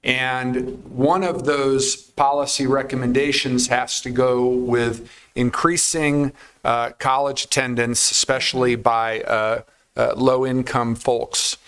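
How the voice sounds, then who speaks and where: A man serving as a county supervisor, making measured procedural remarks with some fillers at a public meeting. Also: mid-range voice, little pitch movement, fairly bright tone, clear, resonant tone.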